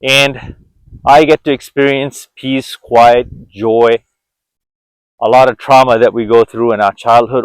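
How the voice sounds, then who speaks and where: An earnest man in his forties muses aloud while out on a walk. He speaks at a middle pitch and often restarts his sentences. His voice comes across dry and close. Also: little pitch movement, unhurried, clean tone, dry recording, rough recording. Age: 40s. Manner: earnest, reflective, with frequent restarts. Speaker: vlogger. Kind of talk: reflective walk-and-talk monologue. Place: outdoors on a walk.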